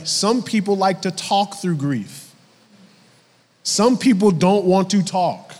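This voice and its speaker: A man preaching a sermon from the pulpit, lively when acting out quotes and dropping low and soft for the somber stretches. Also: long reverb tail. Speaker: pastor. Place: church sanctuary.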